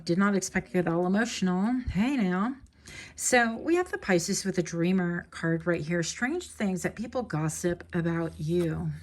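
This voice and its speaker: A woman doing a casual tarot reading in a chatty, rambling way, laughing easily and getting emotional. Her voice sits a little low for a woman. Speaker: tarot reader.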